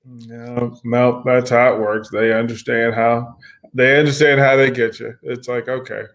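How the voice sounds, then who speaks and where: A man co-hosting a casual talk show, relaxed and repeating words as he starts a thought. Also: mid-range voice, unhurried. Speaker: podcast co-host. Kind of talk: casual chat.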